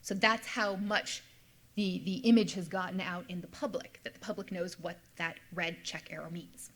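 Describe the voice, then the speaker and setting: A woman's voice: lowish voice, fairly even intonation, normal speed, a bit bright. A middle-aged woman, a history professor, giving an explanatory lecture and repeating key points for emphasis. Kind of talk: lecture with slides.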